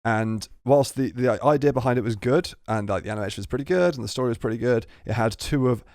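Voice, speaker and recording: A man's voice: medium pitch, fast, darkish tone, dry recording, clean studio sound. A man co-hosting a podcast, rambling and swearing, often restarting his sentences. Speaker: podcast co-host. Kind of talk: casual chat.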